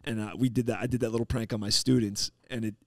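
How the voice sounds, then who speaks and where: A man hosting a podcast, telling stories in a casual, animated way and acting out the people he quotes. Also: medium pitch, fast talker, vocal fry, no echo, studio quality. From New York. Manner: animated, acts out quoted people, swears freely. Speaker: podcast host. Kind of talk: casual storytelling chat.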